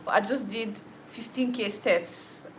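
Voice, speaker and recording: A woman's voice: fairly high pitch, a little slow, slight background noise, lightly acted, poor audio. A young woman mimicking a chatty male fan who talks in a plain, matter-of-fact way. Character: chatty family man fan who talks about his daughters and step counts.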